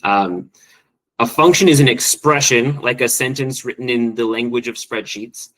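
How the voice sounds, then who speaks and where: Male teacher running a training session, eager and fast-moving, lots of ums, mid-range voice. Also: mid-range voice, fairly bright tone, poor audio. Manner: quick, enthusiastic, with frequent ums and restarts. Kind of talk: online training presentation.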